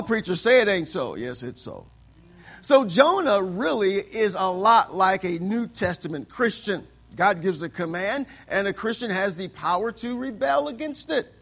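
High-voiced preacher calling amens. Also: male voice, gravelly, a bit bright. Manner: call-and-response preaching, frequent amens, acts out voices in anecdotes. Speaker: pastor. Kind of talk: sermon.

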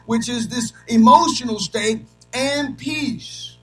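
High, bright-voiced preacher punctuating with amen. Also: male voice, unhurried, few pauses, faint music behind, rough recording. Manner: punctuates phrases with repeated "amen"; swings between soft low asides and loud shouted peaks. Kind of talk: sermon.

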